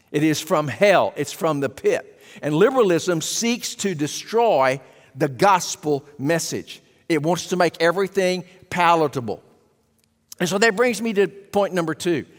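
A man preaching a sermon to a congregation, emphatic and asking rhetorical questions. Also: fairly high pitch. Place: church sanctuary. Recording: long hall reverb.

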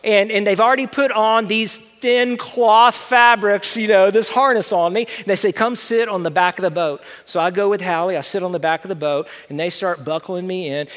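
A middle-aged man telling a personal story to an audience, animated and self-deprecating. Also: high-pitched. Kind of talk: storytelling talk with slides. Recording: long hall reverb.

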